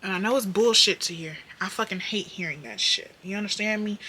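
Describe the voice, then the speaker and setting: A young woman vlogging from home, chatting openly and profanely with her viewers while she works on her makeup. Her voice is bright and forceful, dropping to a mutter now and then before it springs back up loud. A faint hiss sits under the recording. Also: medium pitch, brisk, hardly any pauses. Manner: candid, profane, talks straight to viewers; drops into muttered whispers then bursts loud. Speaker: beauty vlogger. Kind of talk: casual chat while doing makeup.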